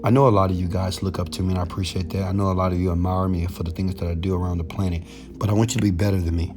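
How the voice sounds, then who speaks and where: A man's voice: low-pitched, flat delivery, rapid-fire. Preachy male motivational speaker over faint music. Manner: preachy, repetitive, rising to loud exhortation. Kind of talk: motivational monologue to camera.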